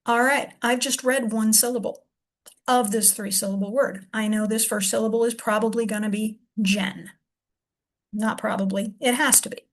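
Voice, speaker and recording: A woman's voice: on the high side, fairly even intonation, normal speed. A woman reading teacher thinking aloud as she shows how to split a long word into syllables and sound out each one. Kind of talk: demonstration lesson.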